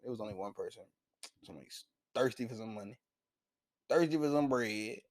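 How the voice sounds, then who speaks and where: A young man reviewing anime in a casual vlog, with a slangy, profane, animated retelling and frequent laughs. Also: on the low side, a little fast, no echo. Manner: laughs often.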